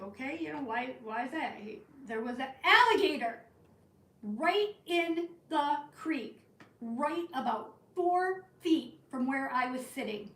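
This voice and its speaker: Chatty high-voiced woman, roomy and distant. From northern United States. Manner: chatty, rambling, animated storyteller. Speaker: live-stream crafting host. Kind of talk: casual storytelling to live chat.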